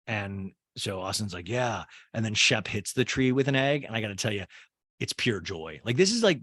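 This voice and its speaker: A man hosting a comedic TV recap, rambling and excitable, full of "like" and asides. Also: medium pitch, no echo, studio quality. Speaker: recap show host.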